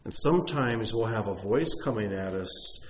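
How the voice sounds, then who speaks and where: A man teaching a congregation in an animated, conversational sermon, with self-deprecating asides. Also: on the low side, normal speed. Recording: echoey room, faint noise.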